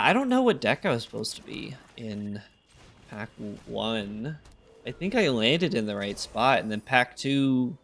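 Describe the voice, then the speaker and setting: A man's voice: mid-range voice, gravelly, fairly bright tone. A tired man giving casual, laid-back gameplay commentary, thinking aloud with a wry tone. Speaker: gaming content creator.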